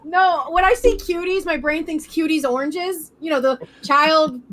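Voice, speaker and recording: Woman, co-host, livestream chat, giggly, playful, reads donations, high voice. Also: fairly even intonation, measured pace, fairly bright tone, poor audio.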